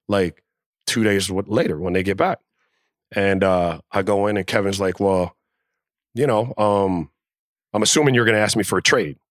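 A man telling a locker-room story in a casual podcast chat, animated and profane, acting out the quotes. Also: on the low side, dry recording, clean studio sound. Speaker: podcast co-host, former NBA player.

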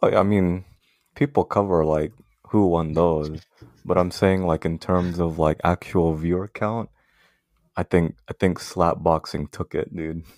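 Deep-voiced laid-back young man. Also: fairly even intonation, a little slow, a little mellow, dry recording, clean studio sound. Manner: laid-back, laughs often. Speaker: podcast co-host. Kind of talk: casual chat.

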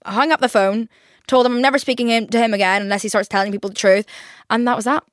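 A woman's voice: a little high, fairly even intonation, rapid-fire, dry recording, clean studio sound. A young woman in her twenties hosting a podcast, chatting casually with lots of fillers and casual swearing. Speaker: podcast host. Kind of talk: casual solo chat.

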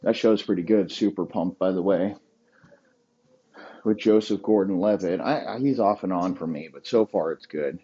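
Low, husky man ranting crudely. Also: moderate pace, dark tone, highs cut off. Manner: crude, riffing, rambling, laughs at own jokes. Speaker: podcast host. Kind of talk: profane comedic rant.

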